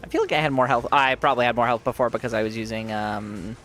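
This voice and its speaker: A man's voice: mid-range voice, fairly even intonation, fast talker, a bit bright, a little hiss or hum. Chatty, often-laughing male game streamer. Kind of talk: casual live-stream gameplay commentary.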